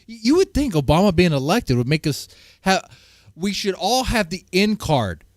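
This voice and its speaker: A male livestream host chatting with viewers in a loud, profane, heated way. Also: sits high, dry recording, clean studio sound. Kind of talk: casual livestream chat with viewers.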